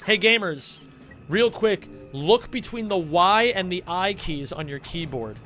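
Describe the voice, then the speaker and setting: A man streaming casually, chatting to his viewers in an excitable, rambling way and swearing a lot. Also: high voice, a little slow, soft background music. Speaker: streamer and speedrunner. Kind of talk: casual live-stream chat.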